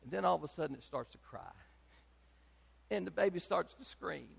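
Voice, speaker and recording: Older preacher, high gravelly voice. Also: male voice, lively intonation, a little fast, in a large hall. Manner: emphatic preaching, swinging between loud and soft. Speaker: pastor. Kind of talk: sermon.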